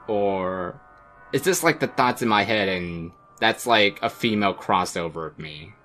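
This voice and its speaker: Deep-voiced man casually commenting on gameplay. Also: lively intonation, a little slow, sharp tone, faint music behind. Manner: casual, bemused asides. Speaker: let's play gamer.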